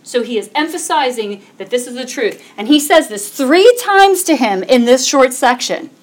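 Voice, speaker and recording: A woman's voice: sits high, animated, moderate pace. A woman preaching a Bible teaching, reading scripture aloud and asking her listeners rhetorical questions.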